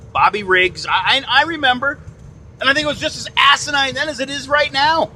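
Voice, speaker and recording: A man's voice: sits high, sharp tone, a little hiss or hum. A man hosting a podcast, ranting bluntly and indignantly, swearing and repeating himself. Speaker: podcast host. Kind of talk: ranting opinion monologue. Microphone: phone.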